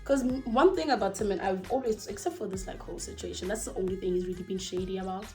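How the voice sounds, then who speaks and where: A young South African woman telling a story in a casual vlog, animated and swearing, with lots of "like". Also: medium pitch, fast, faint music behind. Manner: animated, swearing, exclaiming, peppered with "like".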